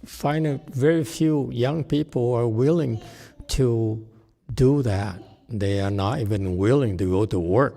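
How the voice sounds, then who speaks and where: A man teaching a Buddhist lecture, halting with frequent restarts and rhetorical "okay?" checks. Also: mid-range voice, gravelly, warm tone. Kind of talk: Dharma lecture answering questions. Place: temple lecture hall. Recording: long hall reverb.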